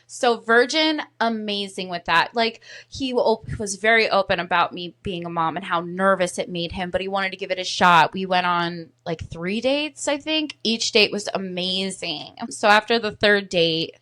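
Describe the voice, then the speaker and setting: A woman's voice: mid-range voice, moderate pace, few pauses. Candid woman in her thirties telling stories. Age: 30s. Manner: candid, animated storytelling, heavy swearing. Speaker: podcast guest. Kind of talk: casual chat.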